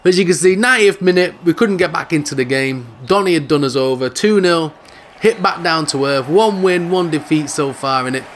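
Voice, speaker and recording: A man's voice: a little high, brisk, a little hiss or hum. A man giving casual, jokey commentary over his own football video game. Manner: animated, jokey, football banter. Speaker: gaming video host.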